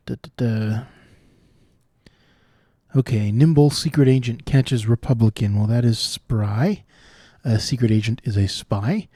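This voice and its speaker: A puzzle solver works through cryptic crossword clues aloud, reasoning through each one and explaining the wordplay along the way. His mid-range voice moves at a moderate pace with hardly any pauses, in a dry, clean studio recording.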